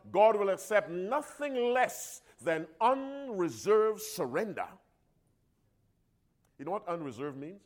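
A man with a high voice preaches a sermon in an emphatic call-and-response style, swinging between loud appeals and soft asides.

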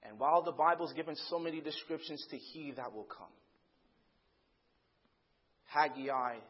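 A man preaching a sermon, swinging between loud dramatic bursts and hushed passages, and acting out the voices in a story. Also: a little high, fast talker, slightly rough, lo-fi sound.

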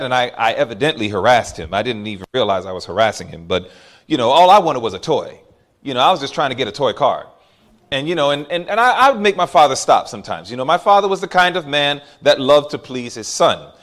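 A man's voice: fairly high pitch, a bit bright. A man preaching to a congregation, telling a story from his childhood and calling out to the crowd. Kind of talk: sermon.

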